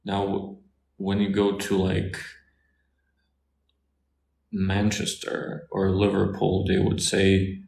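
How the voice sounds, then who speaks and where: Slow, gravelly man. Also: deep voice, roomy sound, rough recording. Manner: thinks aloud with fillers and restarts, relaxed explaining. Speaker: Russian tutor answering viewer questions. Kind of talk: casual Q&A livestream.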